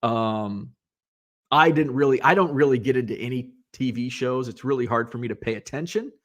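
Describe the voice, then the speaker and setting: A man's voice: mid-range voice, moderate pace. A man from Illinois hosting a podcast, chatting casually and rambling with lots of fillers and asides. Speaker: podcast host. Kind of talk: casual live-show chat, reading viewer comments.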